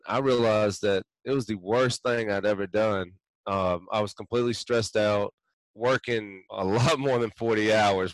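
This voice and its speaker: A man's voice: lowish voice, dry recording, poor audio. A man who is a guest on a business podcast, telling his story in an earnest, heartfelt, reflective way with frequent ums. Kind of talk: interview storytelling.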